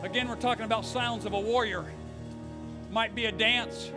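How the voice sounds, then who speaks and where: A middle-aged man preaching a fervent Pentecostal sermon as pastor, swinging from hushed words to shouts. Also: high voice, steady tone, moderate pace, loud music behind the voice. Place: church sanctuary.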